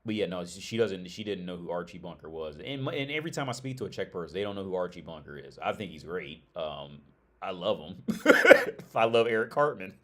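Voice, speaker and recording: Living in Prague as an expat, this livestream host chats casually with viewers in a low, animated voice, talking fast. He tends to ramble and keeps restarting his phrases.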